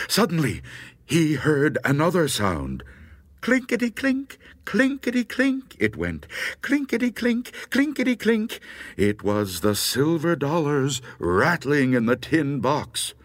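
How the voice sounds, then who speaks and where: A man narrating a ghost story with dramatic, expressive delivery. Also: mid-range voice, no room sound. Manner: dramatic, expressive telling with rising tension.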